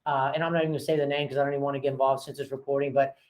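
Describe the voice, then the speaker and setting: A man's voice: medium pitch, level tone, very fast, rough recording. A frank, chatty man runs a casual training session for his agents, trading stories from the office. He talks in a mid-range voice, full of fillers and asides, and acts out both sides of phone calls. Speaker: real estate broker and owner leading agent training.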